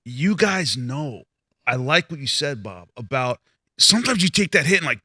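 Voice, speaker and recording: A man's voice: a little high, lively intonation, moderate pace, pushed and bright, dry recording, clean studio sound. A man hosting a boxing panel show, telling stories and acting out quoted voices, with some stammered restarts. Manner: storytelling, acts out quoted voices. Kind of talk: animated panel chat.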